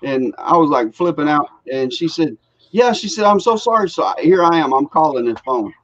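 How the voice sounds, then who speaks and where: A middle-aged man, co-hosting a casual live show and telling stories with lively quoted voices. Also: fairly high pitch, moderate pace. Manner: animated storyteller acting out quoted voices. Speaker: co-host of a live reseller show. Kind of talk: casual chat. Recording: muffled lo-fi live stream audio.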